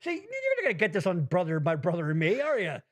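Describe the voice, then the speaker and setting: A man's voice: sits high, wildly swooping pitch, quick pace. A man hosting a casual comedy podcast from his basement, profane and rambling, reading chat comments aloud. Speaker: podcast host. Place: home basement.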